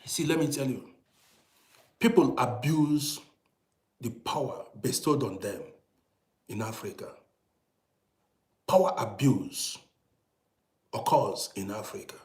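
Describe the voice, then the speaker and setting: A man's voice: medium pitch, slow pace, pauses often, a little mellow. A man with a Nigerian accent giving an emphatic, ranting commentary to his viewers, firing off rhetorical questions again and again. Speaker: vlogger. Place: indoors in Europe. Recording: roomy echoey room sound.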